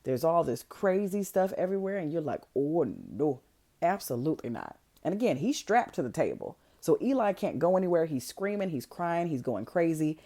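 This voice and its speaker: A woman hosting a podcast, recapping a movie in a casual, slangy way, full of "like" and lively asides. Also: lowish voice, a little fast, few pauses. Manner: animated, filler-heavy, slangy storytelling. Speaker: podcast host.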